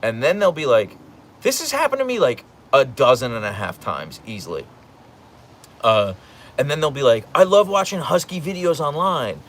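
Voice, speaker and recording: Lively, chatty man on a livestream. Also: medium pitch, moderate pace. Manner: chatty, rambling, playful voices when retelling. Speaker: livestream host reading chat. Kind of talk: casual livestream chat.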